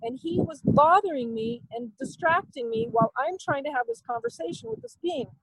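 A woman with a high voice recounts a personal story as an interview guest. She rambles and hesitates, restarting her sentences and poking fun at herself. The recording is close and dry. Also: very animated, normal speed, no echo, rough recording. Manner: candid, self-deprecating.

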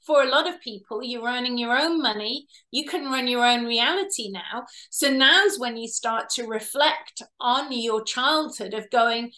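A woman's voice: a little high, a little slow, hardly any pauses. A woman, a healer giving long interview answers and acting out parents and children as she explains. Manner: animated, acts out quoted parents and children. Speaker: past life regressionist and healer.

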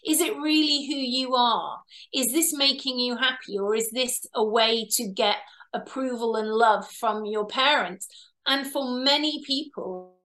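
Woman explaining her healing work, bright sharp voice, pitched a bit high, acts out the people she quotes. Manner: animated, acts out quoted parents and children. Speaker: past life regressionist and healer. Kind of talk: interview answer, explaining.

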